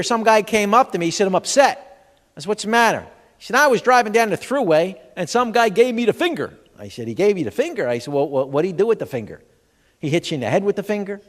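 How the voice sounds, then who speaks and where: A middle-aged man doing stand-up comedy as a stress educator, playful and acting out the people he quotes. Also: sits high. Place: event hall before a live audience. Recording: reverberant hall.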